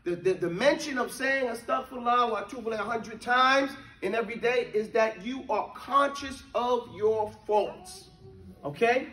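A man's voice: very high-pitched, moderate pace, bright, forceful tone. A man teaching a religious class, checking in with his students and chanting verses to drill them. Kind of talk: interactive classroom lesson. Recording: echoey room from a distant mic.

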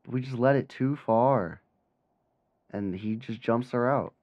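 A man giving live commentary on his own football video game, muttering one moment and shouting and swearing the next. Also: a little slow, dull audio. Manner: swings from low mutter to excited yelling, swears when frustrated. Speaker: gaming channel host.

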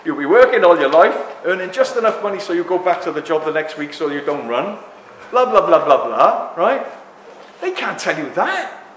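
An excitable middle-aged man speaks to a live audience in a slightly raised voice, ranting and slipping into other people's voices. The sound rings around an echoey indoor hall. A faint ambience hums underneath. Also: fairly high pitch, normal speed, slight background noise. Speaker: speaker at a talk. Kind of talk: impassioned public talk to a live audience. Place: indoor talk venue.

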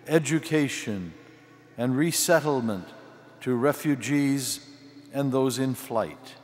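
An older man preaches a homily, breaking his lines into short, deliberate phrases. He speaks very slowly at a middle pitch. His voice rings out with the long reverb of a large cathedral. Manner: slow, measured delivery in short phrases. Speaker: archbishop preaching. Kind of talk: sermon.

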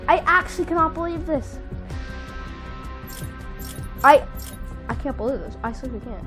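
A woman giving excitable live commentary while playing a video game, jumping between panicked outbursts and quiet muttering. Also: sits high, normal speed, pauses often, faint music behind. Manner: says "dude" and "frick" a lot. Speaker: gaming video creator.

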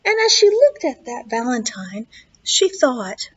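A woman, a children's librarian, reading a story aloud at a virtual storytime in an expressive, slow, sing-song way. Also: a little high, breathy edge. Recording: dull lo-fi online video recording.

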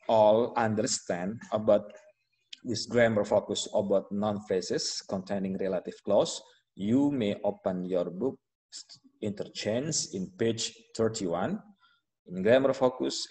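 A man teaching an English lesson, explaining slowly with frequent fillers and restarts. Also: lowish voice, a little mellow, long reverb tail, poor audio. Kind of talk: online classroom instruction.

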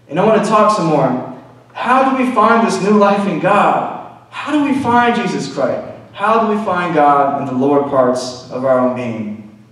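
A man's voice: fairly high pitch, expressive, moderate pace, a bit bright. A man preaching a conversational sermon, talking candidly and confessionally, peppered with "you know". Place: church sanctuary. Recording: echoey hall, voice far from mic.

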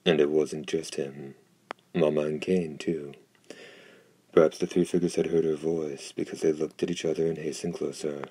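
A man narrating an audiobook in a steady, measured reading. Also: a bass voice, slightly rough. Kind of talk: scripted narration.

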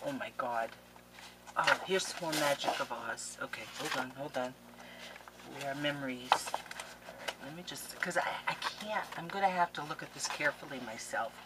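A woman's voice: very deep voice, moderate pace, heavy background noise. A woman scrapbooking vlogger opening a package on camera, gushing and playfully melodramatic in a casual chat. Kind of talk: casual unboxing vlog.

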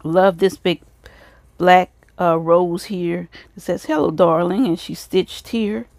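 A woman's voice: on the low side, takes it slowly, creaky, a little mellow, dry recording. A woman hosting a casual craft video, showing swap items and praising them again and again. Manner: gushing, repeats praise often.

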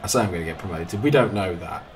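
A young man with a southern English accent and a low voice talks quickly, giving jokey, chatty commentary as he plays a football game at home in his flat. He's a gaming video host, casual throughout but excitable whenever a goal goes in, with a crowd audible in the background.

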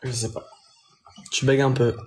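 A man's voice: mid-range voice, little pitch movement, moderate pace, darkish tone. A young man with a Belgian French accent, reading viewer comments aloud on a phone live stream and answering them casually in English and French.

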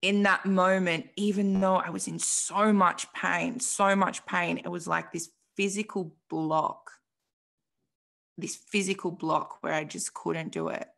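A woman's voice: fairly low pitch, fairly even intonation, unhurried, gravelly, fairly bright tone. A young woman, a podcast guest telling her story frankly and emotionally, swearing and saying "like" a lot. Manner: emotional, frank, swears freely, says "like" often. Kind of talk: candid personal story in an interview.

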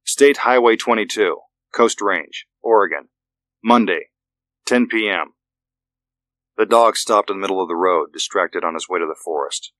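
A man narrating a thriller audiobook in a measured, steady way. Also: low-pitched, no echo.

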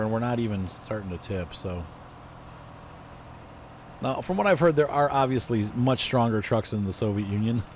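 Congested from allergies, a man with a stuffy medium-pitched voice streams a game and chats casually, thinking aloud as he drives. He rambles and corrects himself along the way, with slight background noise behind him.

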